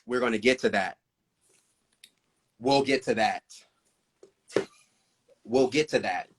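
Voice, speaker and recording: A male host telling a story in a casual live-stream chat, animated and profane, retelling events with a lot of drama. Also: mid-range voice, takes it slowly.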